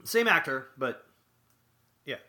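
A man co-hosting a podcast, recapping an episode in halting speech, often repeating words and groping for names. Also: mid-range voice, big pitch swings, bright, forceful tone. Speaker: podcast co-host. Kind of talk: casual chat recapping a TV episode.

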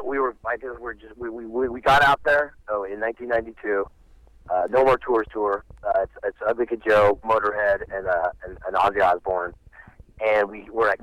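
A middle-aged man talking as a musician guest, spinning animated tour stories in a low voice. He rambles, restarts his sentences and acts out lines of dialogue. The sound is close and dry. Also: no echo, rough recording. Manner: rambling, full of restarts and acted-out quotes. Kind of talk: animated storytelling in an interview.

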